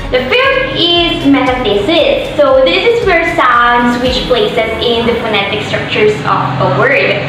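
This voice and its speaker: High-voiced woman presenting a class report. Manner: reads explanations with frequent um and uh fillers. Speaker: student presenter. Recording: very echoey, distant, music behind.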